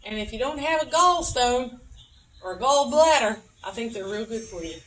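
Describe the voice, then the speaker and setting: A woman's voice: fairly high pitch, animated, normal speed, a bit bright. A woman chatting casually outdoors in her yard, showing off plants in a folksy way. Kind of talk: casual show-and-tell. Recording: distant with background noise.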